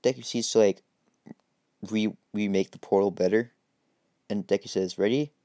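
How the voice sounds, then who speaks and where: A man's voice: on the low side, steady tone, normal speed, dark tone, no echo. A man improvising a game story as narration, rambling and hesitant with many fillers.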